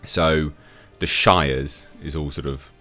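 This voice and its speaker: A man's voice: very deep voice, steady tone, slow pace, pushed and bright, soft background music. A man delivering a mocking, opinionated commentary vlog with frequent filler sounds. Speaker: YouTube commentator.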